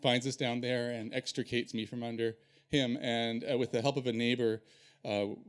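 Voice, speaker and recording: Guy telling a funny true story, animated, self-deprecating, mid-pitch voice. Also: moderate pace, smooth. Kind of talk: live personal storytelling.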